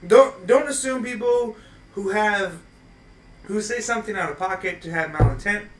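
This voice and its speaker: A man from Los Angeles hosting a casual podcast chat, an animated storyteller who laughs through his stories. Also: sits high, moderate pace, roomy sound, distant mic. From Los Angeles, USA. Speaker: podcast host. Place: podcast studio.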